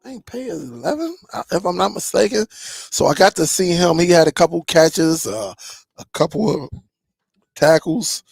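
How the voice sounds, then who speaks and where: Gravelly laid-back man. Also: fairly high pitch, lively intonation, normal speed, no echo, clean studio sound, faint music behind. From Michigan. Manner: laid-back, greets viewers by name, slangy. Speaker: streaming channel host. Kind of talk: casual live-stream chat.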